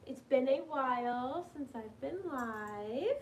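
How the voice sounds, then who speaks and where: A woman's voice: high voice, animated, slow pace. A young woman who works as a vet tech, chatting casually on a home livestream and talking to her pets. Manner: chatty, talks warmly to her pets between remarks. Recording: somewhat distant mic with faint background noise.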